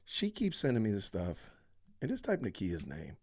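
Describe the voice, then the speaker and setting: Hosting a live-stream podcast, this man talks to his viewers with exasperated commentary, sighing often while his pitch swings lively. His voice has a breathy edge and a moderate pace.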